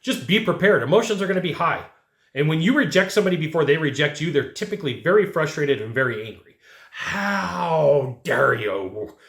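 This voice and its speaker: Speaking directly to the camera, a man delivers blunt, chatty sales coaching packed with rhetorical questions. He's a sales trainer with a slightly high, fairly bright voice, lively intonation and a fast delivery. The recording has a roomy echo.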